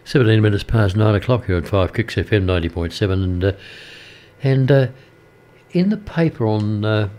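An older Australian man presenting community radio, telling a story in a rambling, halting way with many fillers. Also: lowish voice, lively intonation, darkish tone. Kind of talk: casual radio chat between songs. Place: radio studio.

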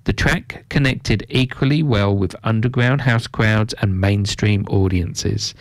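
A man hosting a radio show, presenting tracks in a relaxed, chatty way. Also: fairly low pitch, a little slow, dry recording. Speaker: radio host.

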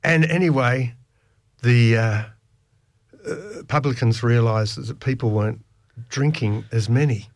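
A man's voice: medium pitch, a little slow, pauses often, no echo. A man, hosting a casual radio chat, telling stories and laughing often. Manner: chatty storyteller, laughs often.

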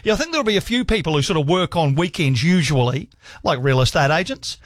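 A man's voice: a little high, lively intonation, fast, no room sound. Upbeat male radio host, dry studio sound. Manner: enthusiastic, laughs often, rattles off stats. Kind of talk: radio call-in show. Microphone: studio microphone.

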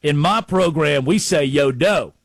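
A man's voice: fairly high pitch, measured pace, dry recording, studio quality. A man doing a drawling Southern football coach. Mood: folksy. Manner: drawling, folksy sayings. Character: slow-talking Southern male football coach.

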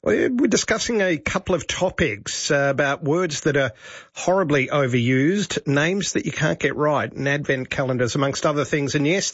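A man's voice: on the high side, fairly bright tone, husky, dry recording. A man presenting afternoon talk radio in a chatty, joking way, with many fillers. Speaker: radio host. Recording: dull, lo-fi radio broadcast.

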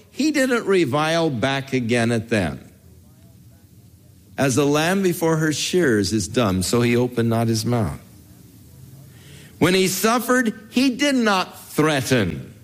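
An older male pastor teaches scripture in a relaxed, storytelling way, chuckling between family anecdotes. His pitch rises and falls a great deal, from high bursts of emphasis down to low asides. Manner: folksy, storytelling, chuckles as he talks. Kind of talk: conversational Bible teaching sermon.

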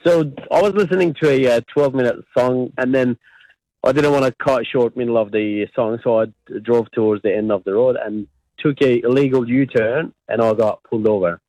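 Male caller, laid-back, halting, dry close sound. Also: mid-range voice, warm tone, no room sound, low-quality recording. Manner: easygoing, a little halting. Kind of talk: phone-in anecdote.

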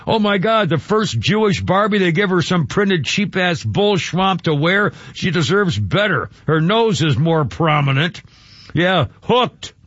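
A man's voice: high-pitched, lively intonation, unhurried, hardly any pauses, a bit bright, no echo, highs cut off. A man hosting a radio talk show, reading a story with sarcastic, indignant commentary.

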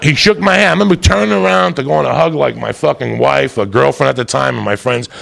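A man's voice: mid-range voice, fast talker, a bit bright. A man doing stand-up, telling a story in a rowdy, boisterous, profane way. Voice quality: gravelly. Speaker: stand-up comedian.

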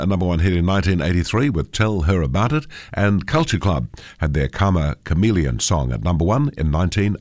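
An older man hosts a radio show, his voice stuffy and nasal from a head cold. He speaks low and deep, with a lively rise and fall in pitch. He talks in a chatty, relaxed way with plenty of "uh"s, close to a studio mic in a dry, dead room. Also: no echo. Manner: chatty, with frequent "uh" fillers. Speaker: radio host. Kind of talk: radio announcing.

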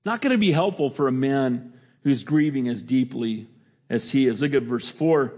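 A middle-aged man preaching a sermon as pastor, his voice jumping up in pitch for emphasis and then dropping to a quiet, low tone. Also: animated, normal speed. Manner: preaching with sudden pitch jumps and quiet drops.

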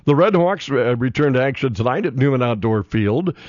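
A man's voice: mid-range voice, animated, a little fast, a little mellow, no echo. Man, sports radio host, casual chat, dry muffled sound. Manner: rambling, plays with silly accents.

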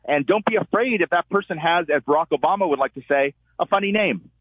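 Columnist guy calling in, husky voice, sounds like a phone, gets animated telling stories. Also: on the high side, quick pace, no room sound. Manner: animated storyteller, acts out quotes. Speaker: columnist guest. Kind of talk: call-in commentary. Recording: tinny phone line.

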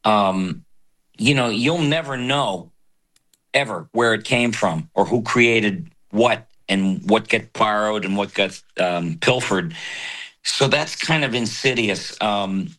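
An older man, a voice actor, talking in an interview in a reflective, halting way with many fillers. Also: lowish voice, fairly bright tone. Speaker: voice actor guest. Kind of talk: casual interview talk.

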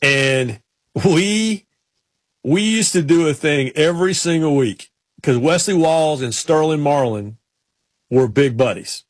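A man's voice: on the high side, takes it slowly, no room sound. A man hosting a casual chat, telling rambling stories with many restarts. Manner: rambling storyteller, frequent restarts. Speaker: podcast host.

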